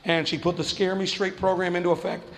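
A man doing stand-up comedy, telling a story fast and animatedly and acting out the voices of the people in it. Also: high-pitched, little pitch movement, a bit bright, in a large hall. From New Mexico.

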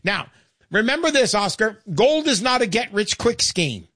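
A man's voice: high-pitched, moderate pace, dry recording, clean studio sound. An older man hosting a call-in radio show, talking in a chatty, emphatic way and often repeating himself. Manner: animated, chatty, emphatic repetition.

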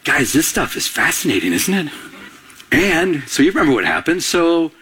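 A pastor preaching a sermon in a church, talking conversationally and often asking the congregation questions. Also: male voice, fairly high pitch, sing-song, moderate pace, bright, forceful tone, slight background noise. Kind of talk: sermon teaching. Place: church sanctuary.

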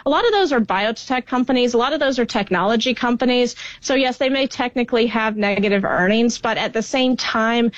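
A woman market strategist answering an anchor's question in a measured, hedging, conversational way. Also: a little high, no room sound. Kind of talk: interview commentary. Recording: dry, dull remote audio.

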